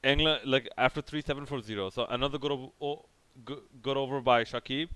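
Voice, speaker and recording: A man's voice: medium pitch, fairly even intonation, a little fast, sharp tone, clear, resonant tone, no room sound. A young man casually recapping a cricket match over by over, rambling and sarcastic, with many restarts. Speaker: cricket reviewer.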